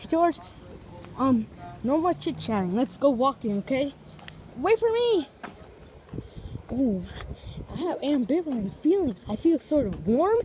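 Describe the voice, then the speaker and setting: In a high-pitched, mellow voice, a woman walks along streets and through a park for a casual vlog, talking to her viewers and stacking up big vocabulary words. There's slight background noise.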